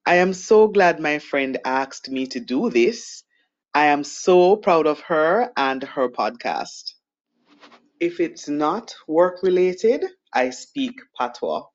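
Jamaican guy, english teacher, kinda high voice, emphatic, dull lo-fi recording. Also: animated, takes it slowly. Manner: earnest, emphatic patois then careful standard English. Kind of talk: recorded answers to podcast questions.

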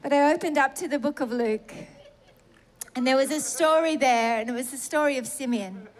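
A middle-aged woman telling a personal testimony in a sermon, animated and self-mocking, laughing through emotional moments. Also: sits high, normal speed. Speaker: preacher sharing a testimony.

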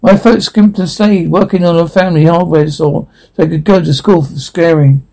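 A man reads a cartoon script aloud with a somewhat high, mellow voice and a gravelly edge. He hops between character voices and reads the stage directions too. His reading stumbles, with frequent restarts. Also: fairly even intonation, moderate pace, poor audio. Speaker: script reader.

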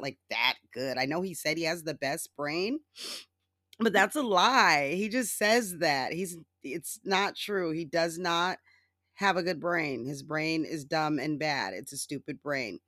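A podcast host ranting casually about politics alone, sarcastic and profane, laughing often and mimicking others in exaggerated high voices. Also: sharp tone, dry recording, studio quality. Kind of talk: casual solo political rant.

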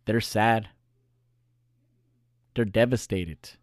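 A man's voice: on the low side, very slow, no echo, clean studio sound. A male podcast host talking alone in a casual, earnest, reflective way, repeating phrases for emphasis. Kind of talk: casual solo monologue.

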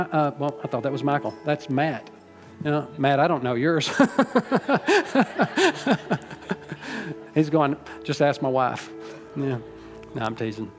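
A man's voice: fairly high pitch, normal speed, faint music behind. A middle-aged man preaching a sermon to his church, folksy and rambling, teasing the congregation and getting emotional. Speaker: pastor. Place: church sanctuary.

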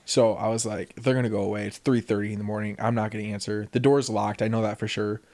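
A man co-hosting a podcast, telling a story in casual chat, swearing often and acting out the quotes loudly. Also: on the low side, fast. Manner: animated storyteller, profane, acts out quotes loudly. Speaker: podcast co-host.

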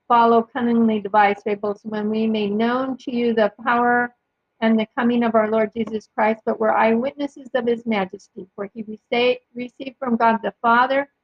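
A woman hosting a podcast, reading Bible passages aloud in a careful, measured way and adding short personal commentary. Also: fairly high pitch, husky, no echo. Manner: careful, measured reading with occasional small slips. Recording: dull lo-fi dry recording.

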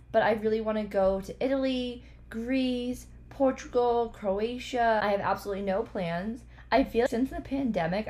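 A woman from Canada hosting a podcast in casual chat, her voice hoarse as she loses it, talking in an upbeat, chatty way. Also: fairly high pitch, darkish tone. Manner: chatty and upbeat, laughs easily. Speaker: podcast host.

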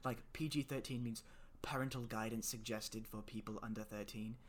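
A man's voice: lowish voice, fairly even intonation, moderate pace. Rambling American man, podcast co-host. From United States. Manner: rambling, filler-heavy, self-deprecating. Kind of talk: casual comedy podcast chat. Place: bedroom.

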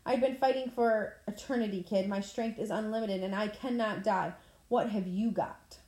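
A woman voicing a boastful, brutal male war god who taunts loudly, in an echoey room. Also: mid-range voice, fairly even intonation, normal speed, close to an everyday voice. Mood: taunting. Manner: taunting, loud and cocky.

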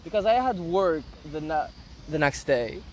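A man's voice: fairly high pitch, moderate pace, slight background noise. A man telling a dramatic personal story in casual chat, campy and profane, acting out quotes. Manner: animated, dramatic storytelling with laughs and acted quotes.

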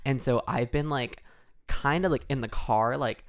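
A woman's voice: rumbling low, a little slow. A young woman from Las Vegas co-hosting a podcast, chatting casually in a rambling, giggly way full of fillers. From Las Vegas, Nevada, USA. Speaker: podcast co-host. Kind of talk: casual chat.

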